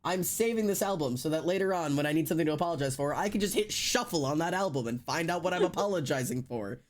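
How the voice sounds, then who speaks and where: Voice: medium pitch, animated, quick pace. Streamer, casual live chat, reads a list aloud, keeps breaking into laughter, swears freely.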